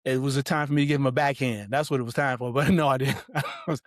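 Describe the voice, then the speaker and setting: A middle-aged man, a guest author, telling family stories in an animated way, acting out quotes and laughing often. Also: medium pitch, quick pace, dry recording, studio quality. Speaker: guest, author and parenting advocate. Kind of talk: casual interview storytelling.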